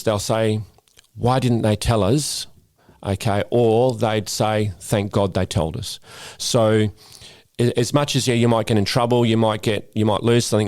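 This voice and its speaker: Middle-aged Australian man, ex-cop guest speaker, lowish voice, dry sound, casual storyteller with lots of restarts. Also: darkish tone, no echo. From Western Australia. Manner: chatty storyteller, repeats words when starting sentences. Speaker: guest speaker, former police officer. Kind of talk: casual podcast interview.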